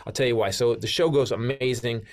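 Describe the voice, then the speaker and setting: Man, comedian guest, rambling anecdote, excitable, swearing, mid pitch. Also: fairly quick. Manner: excitable, jumps high when acting out his own panic. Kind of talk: storytelling anecdote.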